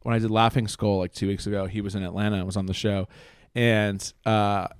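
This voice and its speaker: Profane, animated man on a podcast. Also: lowish voice, brisk, clear, resonant tone, no echo, clean studio sound. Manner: profane, animated storytelling with acted-out quotes. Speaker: podcast host and stand-up comic. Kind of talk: casual chat.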